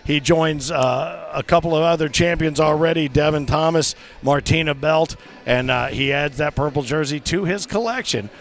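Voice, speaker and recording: A male commentator running a live cornhole broadcast. He jokes easily with his guests and keeps the banter loose. His voice sits fairly high. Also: normal speed, gravelly, hardly any pauses. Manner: jokey, easygoing host banter. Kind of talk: live sports broadcast chat.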